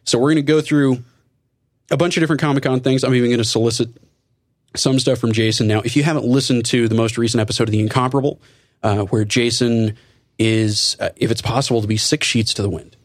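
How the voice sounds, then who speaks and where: A man hosting a casual podcast chat, talkative and relaxed, with wry asides. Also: medium pitch, quick pace, dry recording, clean studio sound. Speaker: podcast host.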